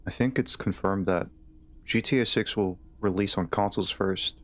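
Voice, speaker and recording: Southern guy streaming a game, lowish voice, rambly, keeps restarting his sentences. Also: normal speed. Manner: rambling, hesitant, many restarts. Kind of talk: casual gaming stream chat.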